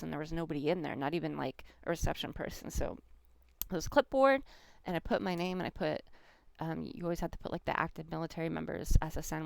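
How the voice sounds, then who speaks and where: A middle-aged woman, a tarot reader, telling a personal story to viewers in a lively way and acting out the people in it. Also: on the low side, vocal fry, clean tone, no room sound. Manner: animated storyteller, acts out quoted voices.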